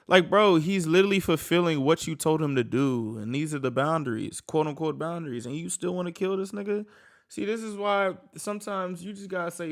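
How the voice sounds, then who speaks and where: A man's voice: a little high, lively intonation, brisk. A man hosting a reaction video, reacting in exasperated, profane, slangy outbursts. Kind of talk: casual reaction commentary.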